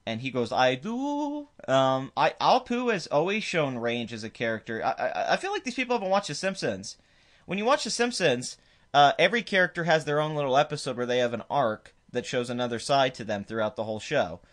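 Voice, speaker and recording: A man's voice: medium pitch, lively intonation, quick pace, fairly bright tone. A man hosting his own commentary video, ranting emphatically and dismissively with frequent restarts. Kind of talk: opinionated commentary rant.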